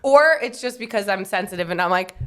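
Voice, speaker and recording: A young woman co-hosting a podcast in casual chat, pregnant and a bit short of breath, playful and quick to laugh. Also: medium pitch, expressive, smooth. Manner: playful, teasing, laughs often. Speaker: podcast co-host.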